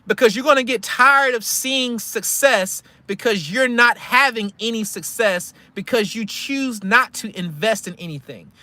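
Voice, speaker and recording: A man's voice: very high voice, unhurried, few pauses, bright, forceful tone, dry recording. A man giving a blunt, slangy motivational rant about money and credit from his parked car, repeating himself to push his points. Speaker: credit and investing vlogger. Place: parked car in a store parking lot.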